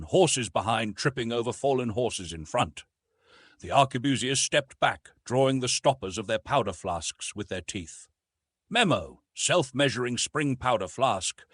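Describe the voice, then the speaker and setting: Here a man narrates a science fiction audiobook in a spirited, storytelling style, his faintly husky voice bouncing up in pitch as events escalate. The mic is close and the room is nearly absent, leaving no echo at all.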